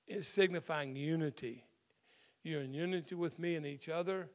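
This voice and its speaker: A middle-aged man preaching from the pulpit, his voice sitting a little higher than most men's. He talks the congregation through scripture in an easy, conversational way, stopping to unpack the Greek behind key words. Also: normal speed. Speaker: pastor. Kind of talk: sermon.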